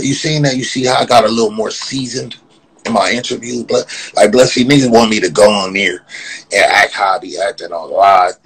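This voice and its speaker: A man ranting casually on his vlog, repeating the same slang and laughing as his voice jumps up when he gets animated. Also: lowish voice, slight background noise, rough recording. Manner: repetitive, profane, keeps saying "blood". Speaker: vlogger.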